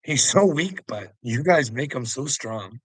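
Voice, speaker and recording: A man's voice: mid-range voice, expressive, a little slow, husky, no room sound, low-quality recording. A man ranting into the camera in a heated, profane monologue, breaking into laughs between lines. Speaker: vlogger.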